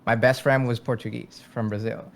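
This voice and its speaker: A man from Venezuela, a military veteran, speaking as a podcast guest in a halting, thoughtful way with frequent fillers. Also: mid-range voice, little pitch movement, creaky. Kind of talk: casual interview.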